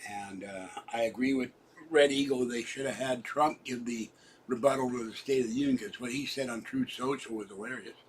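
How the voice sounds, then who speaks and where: A man's voice: medium pitch, fairly quick, slight background noise, poor audio. A man in his sixties hosting a livestream, chatting to viewers in a rambling way with frequent restarts. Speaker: livestream host. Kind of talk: rambling live-stream chat.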